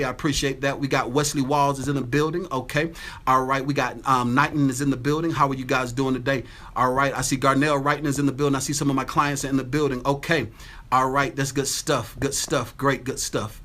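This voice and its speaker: A livestream host from Atlanta, Georgia, broadcasts casually from his home on a phone, windows open. His voice is medium in pitch and fairly bright, and he calls out viewers by name and repeats his catchphrases.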